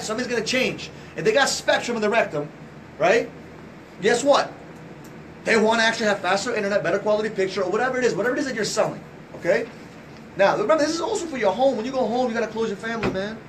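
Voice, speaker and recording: A man giving a loud, passionate and profane motivational sales talk to a group, firing off rhetorical questions. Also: sits high, recorded from a distance, background noise. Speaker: sales trainer.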